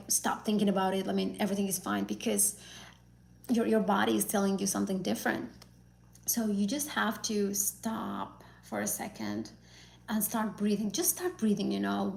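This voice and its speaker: A woman's voice: medium pitch, vocal fry, a little mellow, roomy sound, low-quality recording. A woman teaching an exam prep lesson on a live stream, talking casually and encouragingly with fillers and self-corrections. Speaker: IELTS teacher.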